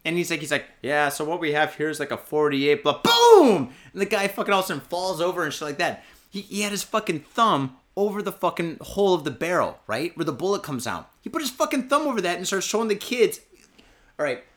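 A man hosting a podcast tells a casual story in a bright, forceful voice that sits a little high. He swears constantly, piles up filler words and gets more and more worked up as he talks. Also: fast talker. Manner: profane, excitable, heavy filler words. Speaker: podcast host. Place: podcast studio.

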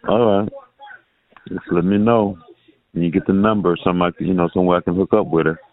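Deep-voiced man on a phone line. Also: steady tone, fast talker. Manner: easygoing, agreeable. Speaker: caller.

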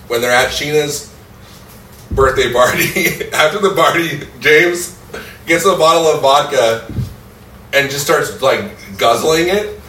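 A man co-hosting a podcast, goofy and playful, tossing out quick jokes. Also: on the high side, pushed and bright. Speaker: podcast co-host. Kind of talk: casual podcast chat. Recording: echoey room, distant mic, faint hiss.

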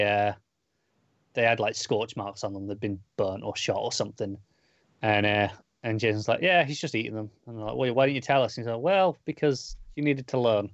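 A man's voice: fairly low pitch, no echo, dull audio. A man co-hosting a comics podcast, recapping an issue in a loose, rambling way with lots of fillers and restarts. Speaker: podcast co-host reviewing comics. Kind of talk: casual chat.

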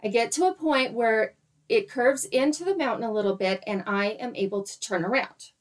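A woman in her thirties tells a story in casual chat. Her voice sits fairly high. She stays animated, laughs often and acts out her own quoted lines. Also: normal speed. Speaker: guest storyteller.

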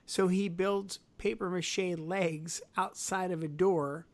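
A woman co-hosting a casual podcast, her voice sitting a little low for a woman. She rambles with enthusiasm and stacks up filler words as she goes. Her delivery is loose and chatty. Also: fairly even intonation, slow. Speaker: podcast co-host. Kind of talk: casual chat.

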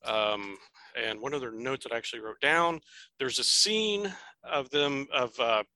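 A man co-hosts a casual podcast about films, thinking aloud as he goes. His voice is bright and forward. The sound is dry and close, with almost no room. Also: medium pitch, a little slow, dry recording, rough recording. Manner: thoughtful, rambling, with fillers and restarts. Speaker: podcast co-host. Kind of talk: casual film discussion.

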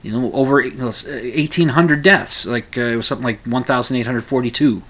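A man's voice: medium pitch, fairly quick, a bit bright. A man hosting a casual commentary show, rambling through the news with frequent restarts and asides.

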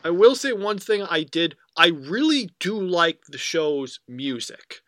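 A man's voice: fairly high pitch, big pitch swings, measured pace, fairly bright tone, no echo. A young man co-hosting a casual podcast, recapping an episode in a rambling way with many fillers. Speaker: podcast co-host. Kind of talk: casual anime review chat.

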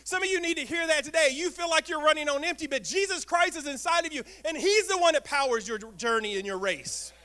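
A man preaching a sermon as pastor, talking in a lively way and asking the congregation questions. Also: extremely high pitch, a little fast, few pauses. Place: church sanctuary.

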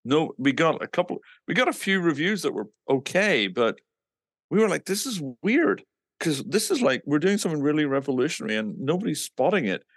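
In a clean studio recording with no room sound, a slightly high, fairly bright male voice moves briskly with big pitch swings. He's an English musician sharing casual anecdotes about his band's history, animatedly voicing quoted dialogue and swearing from time to time.

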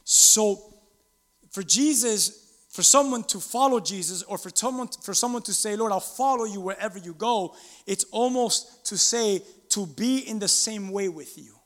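A man's voice: high-pitched, moderate pace, in a large hall. A man preaching a sermon as pastor, acting out scripture quotes and calling on the congregation to answer back. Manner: animated, acts out scripture quotes, asks the congregation to respond. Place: church sanctuary.

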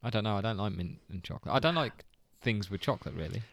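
A man's voice: fairly low pitch, expressive, fast talker, fairly bright tone, no echo, studio quality. A man co-hosting a casual chat, hesitant with fillers and frequent laughter. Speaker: podcast co-host.

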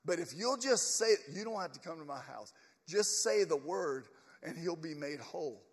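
A man's voice: on the high side, animated, moderate pace. A man voicing a Roman officer earnestly asking for his servant's healing, in a reverberant hall. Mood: pleading. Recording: long church reverb.

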